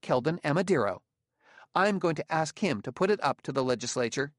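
A man reading an audiobook, voicing a young male courtier who is tense, proud and quickly indignant. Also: on the high side, animated, no room sound, studio quality, pitched above the performer's own voice, natural voice. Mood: defensive.

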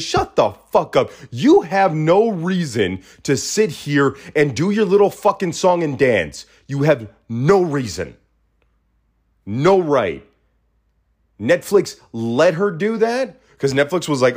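A man's voice: mid-range voice, lively intonation, unhurried, darkish tone. A man hosting a podcast, talking in a casual, heated rant, blunt and full of swearing. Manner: profane, indignant, blunt. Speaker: podcast host.

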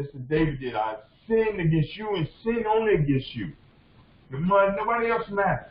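In an echoey, dull, lo-fi room recording, a man preaches as a bishop with great passion and repetition, often calling out to his congregation. His voice sits high, very animated and fairly quick.

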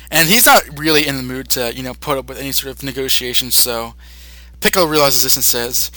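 A man's voice: mid-range voice, a little fast, bright, forceful tone, dry recording. A young man hosting a podcast, casually retelling a cartoon episode with many fillers and restarts. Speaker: podcast host.

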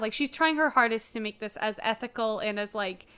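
A young woman talks in a casual, animated chat and peppers her speech with "like." Her voice sits a little high and sounds smooth and clear. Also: a little fast. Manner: animated, frequent "like", laughs often. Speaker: co-host.

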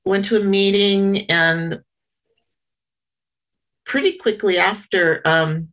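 A middle-aged woman sharing her story at a small meeting, halting and earnest, with frequent pauses and restarts. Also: medium pitch, steady tone, fairly bright tone, poor audio. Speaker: member sharing at a support meeting. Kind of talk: personal share at a small meeting.

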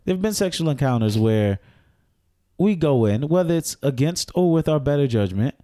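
A man's voice: a little high, animated, moderate pace, mellow, no room sound, studio quality. A man in his thirties telling frank, joking stories in casual podcast chat, and asking to be allowed to finish. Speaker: podcast co-host.

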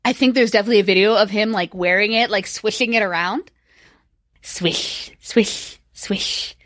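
A woman's voice: medium pitch, quick pace, fairly bright tone, dry recording, clean studio sound. A young woman co-hosting a podcast, chatting casually, rambling and swearing with frequent laughter. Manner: giggly, profane, rambling. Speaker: podcast co-host. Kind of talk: casual chat.

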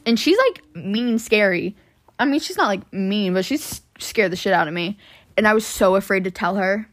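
A woman's voice: mid-range voice, expressive, normal speed. Young woman rambling through a story. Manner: rambling storytelling with lots of "like" and swearing. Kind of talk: casual chat.

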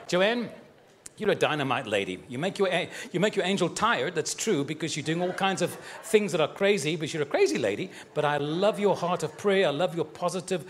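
A man preaching live and giving personal prophecies, speaking straight to people in the congregation in a fervent, affectionate way, joking and laughing as he goes. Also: on the high side. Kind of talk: live prophetic sermon addressing individuals in the congregation.

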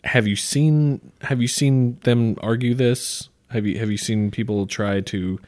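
A man's voice: mid-range voice, steady tone, measured pace, darkish tone, no echo, clean studio sound. A man co-hosting a podcast in casual chat, hesitant and stammering through restarts. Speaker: podcast co-host.

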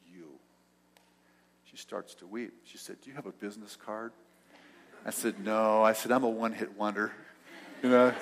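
Older guy preaching, acts out both sides of the conversation, mid pitch, big church reverb. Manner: animated storyteller acting out dialogue, dropping to soft tones. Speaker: pastor. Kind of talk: sermon storytelling. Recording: long hall reverb.

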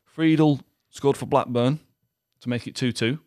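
A man's voice: mid-range voice, fairly even intonation, a little slow, darkish tone, dry recording, clean studio sound. Teasing man hosting a podcast quiz. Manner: teasing, laughing, swearing. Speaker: podcast host and quizmaster. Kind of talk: casual banter.

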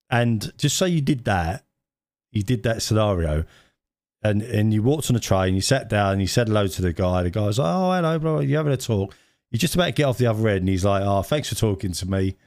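A man with a fairly low voice that swoops up and down as he talks, laughing often in loose podcast banter. He reacts quickly and talks over his co-host. The recording is close and dry. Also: darkish tone, no echo. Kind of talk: casual chat.

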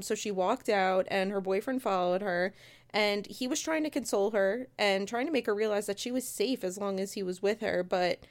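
A woman casually telling a true-crime story, chatty and conversational, with asides to her listeners. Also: medium pitch. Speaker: storyteller host.

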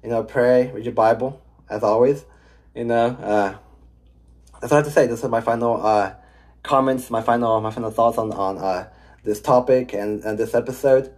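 A man in a middle pitch closes out a faith podcast with casual, rambling remarks. He fills his pauses with "you know" and "uh." His delivery is loose and conversational. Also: steady tone, darkish tone. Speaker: podcast co-host.

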